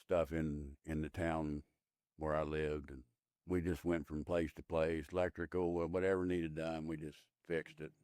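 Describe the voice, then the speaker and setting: A man's voice: a bass voice, level tone, normal speed, a little mellow, no room sound, studio quality. A man in his fifties, a podcast guest, telling his story in a plain-spoken, rambling way with many fillers. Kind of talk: casual interview storytelling.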